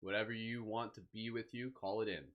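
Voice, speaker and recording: A man leading a live guided meditation, speaking slowly and soothingly with gentle encouragement. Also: lowish voice, fairly even intonation, lo-fi sound. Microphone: live stream microphone.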